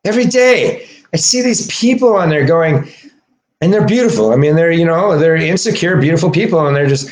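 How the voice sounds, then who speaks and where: Rambling, profane man with a lively voice. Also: on the high side, fairly quick. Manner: swings from muttering to shouting; laughs between phrases.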